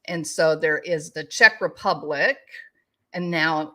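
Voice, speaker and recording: A woman's voice: deep voice, slow pace, a bit bright. A middle-aged woman hosting a casual livestream, chatting with her viewers and talking to her dogs. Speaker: YouTube news commentary host.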